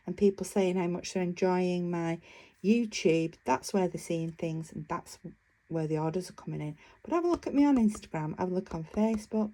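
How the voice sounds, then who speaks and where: A woman's voice: fairly low pitch, mellow, slight background noise. A woman vlogger chatting casually about her craft work, enthusiastic and rambling, with frequent fillers. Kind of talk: casual show-and-tell chat.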